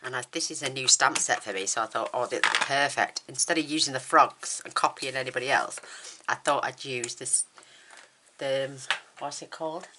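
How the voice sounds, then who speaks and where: A woman's voice: rumbling low, normal speed, noisy background. A woman demonstrating a papercraft card in a chatty, enthusiastic, rambling way, with her mouth numb from the dentist. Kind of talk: casual crafting tutorial.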